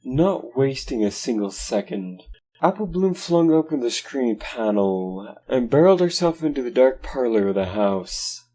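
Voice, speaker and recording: A man narrating a horror story slowly and dramatically. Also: mid-range voice, very animated, dark tone. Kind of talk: dark horror story reading.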